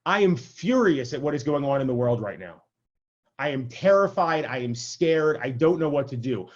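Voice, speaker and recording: A man's voice: medium pitch, lively intonation, normal speed, highs cut off. A man, a rabbi, giving an informal class in a conversational way, often checking in with "right?" and adding self-deprecating asides over a video call. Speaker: rabbi teaching an adult class. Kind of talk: informal lecture.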